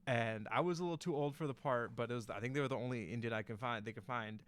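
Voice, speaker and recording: A man's voice: medium pitch, fast, clear, resonant tone. A young man casually telling a story on a podcast, rambling with lots of fillers and restarts. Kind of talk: casual chat.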